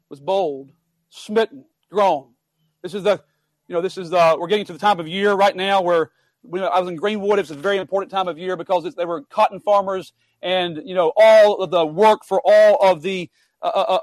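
Earnest preacher with a high voice. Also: male voice, dry recording. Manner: earnest, emphatic, builds up and drops to quiet asides. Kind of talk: sermon.

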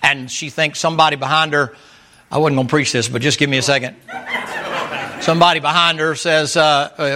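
A man's voice: a little high, fairly even intonation, brisk, bright, forceful tone. A man preaching a sermon in a folksy, emphatic way, chuckling often and repeating himself. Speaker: pastor.

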